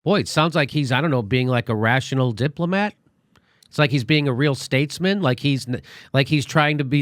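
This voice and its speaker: A man's voice: on the high side, animated, fairly quick, dry recording. Sarcastic male comedy host, dry sound. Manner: sarcastic, casual, rambling. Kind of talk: political commentary.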